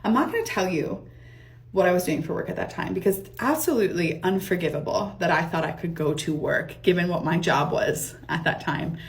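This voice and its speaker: A young woman telling a storytime monologue in a fast, animated, casual way, swearing and laughing often. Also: lowish voice.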